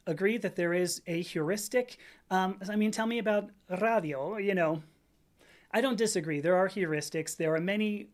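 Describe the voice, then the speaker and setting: A middle-aged American woman hosting a casual livestream, answering chat comments in a rambling way, often correcting herself. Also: lowish voice. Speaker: livestream host reading chat.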